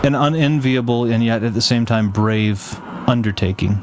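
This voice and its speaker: A man's voice: mid-range voice, moderate pace, background noise. A man giving casual gameplay commentary while chatting with live viewers, rambling with frequent restarts and self-corrections. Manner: reads game text aloud between chatting with viewers. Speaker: game streamer.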